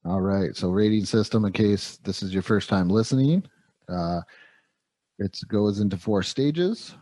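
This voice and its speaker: A man's voice: fairly low pitch, a little slow, mellow, dry recording. A man hosting a casual movie review podcast, rambling enthusiastically about action heroes. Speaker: podcast host.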